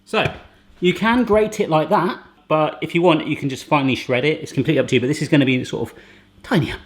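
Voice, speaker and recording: A chatty, jokey man talks through a home-kitchen recipe, wandering off into asides. His voice sits a little high for a man. A faint hiss runs under the recording. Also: fast. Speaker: cooking channel host. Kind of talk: casual cooking demonstration.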